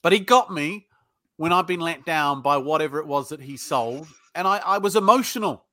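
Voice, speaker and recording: A middle-aged man with a British accent, talking in a high, bright voice. He is blunt and profane, and he acts out both sides of phone sales calls as he tells stories in a podcast interview. The recording is dry and close to the mic. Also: lively intonation, normal speed, dry recording. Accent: British English. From United Kingdom. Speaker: sales trainer, guest.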